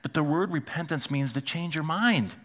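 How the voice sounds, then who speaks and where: Bright-voiced animated male preacher. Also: on the high side, moderate pace. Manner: animated preaching, acts out quoted voices, drops to quiet asides. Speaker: pastor. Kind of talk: sermon.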